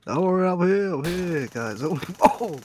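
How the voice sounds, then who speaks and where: A man's voice: sits high, lively intonation, a little slow, over music. A man roleplaying an arrested suspect in a game, whining, joking and laughing at his own trouble. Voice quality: whiny, joking, laughs a lot.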